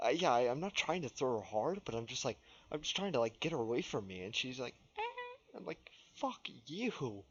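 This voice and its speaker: A man's voice: mid-range voice, expressive, fast talker, hardly any pauses. A man co-hosting a podcast, talking casually, swearing and laughing often. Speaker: podcast co-host. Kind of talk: casual chat. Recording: dull lo-fi mic with faint noise.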